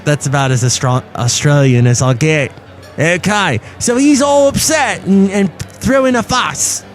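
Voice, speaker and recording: A man's voice: on the high side, unhurried, soft background music. A man hosting a podcast, telling rambling comic stories in casual chat. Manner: rambling storyteller with a lively, bouncing delivery and many restarts. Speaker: podcast host. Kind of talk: casual comedic monologue.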